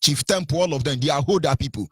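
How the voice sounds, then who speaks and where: A man's voice: a little high, racing, slightly rough, dry recording. A man with a Nigerian accent giving impassioned radio commentary, scolding his listeners with repeated rhetorical questions and stumbling over fillers.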